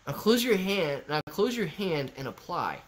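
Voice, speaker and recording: A man's voice: sits high, sing-song, moderate pace. A man hosting a casual live stream, reading viewer comments and bantering playfully with them. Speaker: livestream host reading chat.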